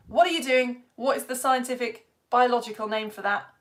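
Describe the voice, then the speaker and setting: A woman with a Yorkshire accent, a science teacher giving a lively live lesson for children, chatty and quizzing her audience. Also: on the high side, brisk, hardly any pauses. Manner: chatty and energetic, asks the audience questions.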